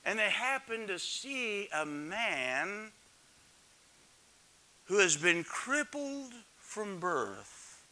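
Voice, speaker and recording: A man preaching with a high, bright voice, taking his time over every phrase. He swings from loud calls down to hushed near-whispers and keeps putting questions to the congregation. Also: sing-song, extremely slow, pauses often. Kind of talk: sermon.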